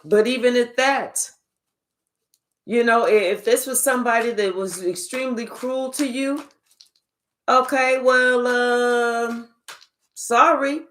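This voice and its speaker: A woman with a high, bright voice delivers a tarot reading monologue. She is blunt and emphatic, swears freely and keeps firing rhetorical questions at her listener. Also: slow, long pauses. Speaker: tarot reader.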